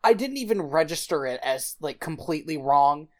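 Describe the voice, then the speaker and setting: A woman's voice: deep voice, animated, normal speed, a little mellow. A woman co-hosting a casual movie review podcast, giving dry, wry commentary. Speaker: podcast co-host.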